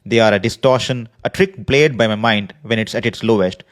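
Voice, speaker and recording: A man with a fairly low voice speaks slowly and earnestly, as if reading his own carefully written words. He talks in a reflective, personal monologue as a podcast host. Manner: earnest, slow and measured, reading a prepared script. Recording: podcast voice recording.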